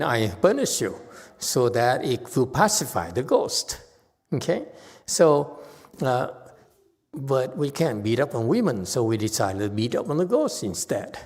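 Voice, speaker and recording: A male Buddhist teacher gives a Dharma talk and takes questions, speaking animatedly in a mid-range voice, chuckling and often repeating himself. A long reverb tail trails his words.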